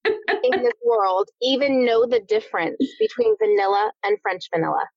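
Podcast co-host, woman with a fairly high voice, dry jokey asides, dull dead-dry sound. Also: wildly swooping pitch, moderate pace, gravelly, no room sound. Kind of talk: casual chat.

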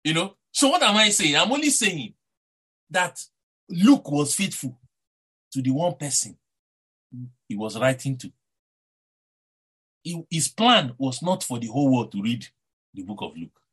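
A man with a Nigerian accent preaching a sermon, animated and rhetorical, often repeating words and asking his listeners "eh?". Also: on the high side, a little slow, long pauses, breathy edge.

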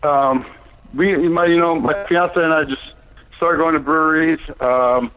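A man's voice: a little high, steady tone, measured pace. A man in his thirties, a brewer calling in as a guest, telling his story in a plain, easygoing way with many fillers. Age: 30s. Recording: tinny phone line.

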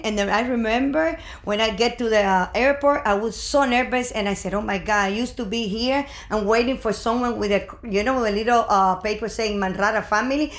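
An older woman pours out a family story in long emotional runs, stopping and starting again as she goes. Her voice sits at a middle pitch. The talk is casual and heartfelt. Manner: emotional, rambling storyteller with many restarts. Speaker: guest, mother of the host.

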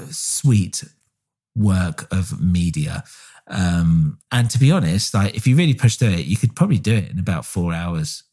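A man with a deep voice co-hosts a podcast in a relaxed, enthusiastic way. His tone is dark and mellow, and he fills his pauses with ums. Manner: relaxed, filler-heavy, enthusiastic. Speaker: podcast co-host. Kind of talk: casual chat.

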